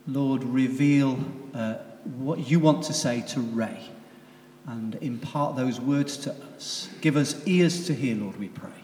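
A man leading a spoken prayer, soft and unhurried, trailing off quietly. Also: medium pitch, a little hiss or hum. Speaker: prayer leader. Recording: roomy church with long reverb, faint ambience.

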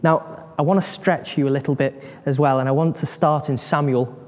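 A man gives a sermon, retelling scripture with lively, acted-out voices and questions to the congregation. His voice sits slightly high for a man. The sound carries a long reverb, as in a large hall. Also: moderate pace. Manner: animated storytelling, acts out voices, asks the congregation questions. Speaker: preacher.

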